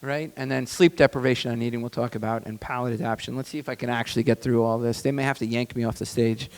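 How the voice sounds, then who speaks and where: A man speaking as a doctor on stage, with a mid-range voice in a large conference hall where his words ring out with a long reverb. He is animated and keeps asking the room questions. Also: medium pitch, fast talker. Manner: animated, asks the audience questions. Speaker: doctor giving a seminar. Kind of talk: conference seminar talk.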